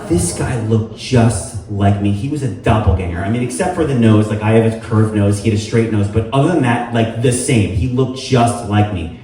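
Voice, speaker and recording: A man's voice: on the low side, normal speed, warm tone, distant mic. Middle-aged man telling a story in an echoey hall. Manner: rambling, filler-heavy, self-deprecating humor. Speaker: storytelling show host. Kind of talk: live personal storytelling. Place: live venue with audience. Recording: echoey room heard from afar, faint noise.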